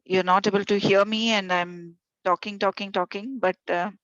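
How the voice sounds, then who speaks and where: Her mid-range voice steady and fairly bright, a woman talks at normal speed while running a video-call workshop for volunteers. The conversational talk is full of fillers and retold stories, captured in dull, dry sound.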